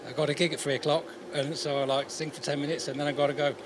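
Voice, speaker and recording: A man's voice: on the high side, level tone, fast, background noise. A man busking on a town street, chatting to his camera and to passers-by in a friendly, rambling way. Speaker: busker and singer-songwriter. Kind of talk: casual vlog chat and street busking patter.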